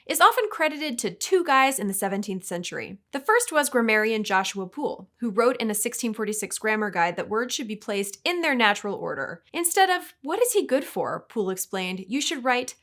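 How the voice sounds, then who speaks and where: Woman host, scripted explainer read, wry and playful, high, bouncy delivery. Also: a bit bright.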